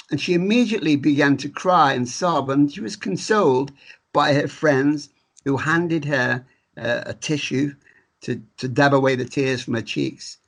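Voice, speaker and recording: A man working as a medium, talking in a relaxed interview and telling stories in a rambling way. He often restarts his phrases and chuckles as he goes. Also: fairly high pitch, measured pace. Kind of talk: conversational storytelling interview.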